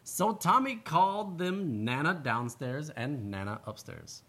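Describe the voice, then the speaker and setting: A woman reading a children's picture book aloud, slowing down on the story lines and asking questions about the pictures. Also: deep voice, husky. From a Western country. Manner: animated, slows down for read-aloud lines, asks the listener questions. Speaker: storybook reader and co-host.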